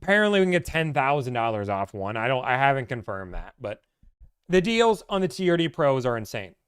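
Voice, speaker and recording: A man giving car-buying advice on a live stream, chatty and animated, cracking jokes as he talks. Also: mid-range voice, brisk, smooth. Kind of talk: casual live-stream talk.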